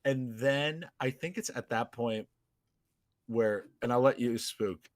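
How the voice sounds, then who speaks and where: A man hosting a casual podcast chat, excitable and quick to laugh. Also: mid-range voice, dry recording. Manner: excitable, laughs often, shouts quoted lines. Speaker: podcast host.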